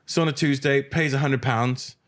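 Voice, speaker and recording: A man putting on the voice of a runty little male talent agent pitching a string of gigs. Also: fairly even intonation, brisk, natural voice. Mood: chummy.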